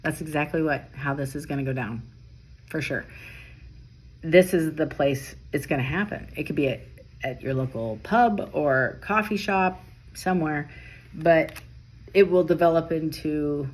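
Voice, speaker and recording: Low-voiced rapid-fire woman reading tarot. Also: breathy edge. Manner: rapid-fire, stops and restarts mid-sentence. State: tired, late at night. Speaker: tarot reader.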